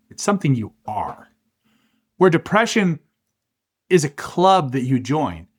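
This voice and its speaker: A middle-aged man hosting a podcast, giving impassioned spoken commentary in punchy rhetorical bursts with dramatic pauses. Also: fairly high pitch. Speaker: podcast host.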